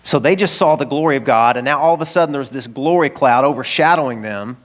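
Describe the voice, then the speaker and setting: A man's voice: medium pitch, fast talker. A man preaching a sermon as pastor, talking casually with frequent rhetorical questions to the congregation. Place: church service in a high school auditorium.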